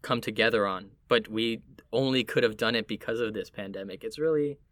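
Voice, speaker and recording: A man from Puerto Rico in casual conversation, chatty and quick to laugh as he tells stories. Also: lowish voice, dry recording. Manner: chatty, animated storytelling, laughs easily.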